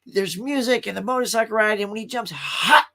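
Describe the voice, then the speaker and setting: A man's voice: sits high, quick pace, vocal fry, a bit bright. A man hosting a casual pop culture live stream, rambling enthusiastically about movies and greeting viewers in the chat.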